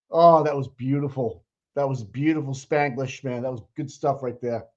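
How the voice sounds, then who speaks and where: A man co-hosting a casual chat, excitable and swearing freely as he reacts. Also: medium pitch, normal speed, lo-fi sound. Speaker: co-host. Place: home, watching remotely.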